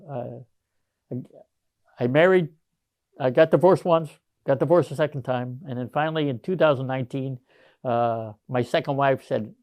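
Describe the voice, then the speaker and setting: A man's voice: medium pitch, no echo. A man in his sixties, a retired Marine gunnery sergeant, telling rambling stories with many fillers in a casual interview. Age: 60s.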